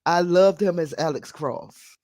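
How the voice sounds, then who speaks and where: High-voiced man hosting a casual live stream. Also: unhurried, a little mellow. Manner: scattered and chatty, talking to viewers while fixing audio. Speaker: live stream podcast host.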